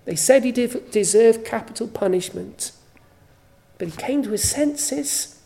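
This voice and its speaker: A woman preaching a sermon at a church service, slow and emphatic, with repeated phrases for weight. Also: a little high, expressive, vocal fry, mellow.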